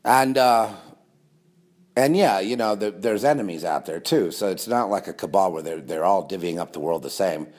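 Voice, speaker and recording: A conspiracy video host, a man with a low, slightly mellow voice, delivers a rambling monologue to camera at a moderate pace. He's sarcastic throughout, dropping mocking asides.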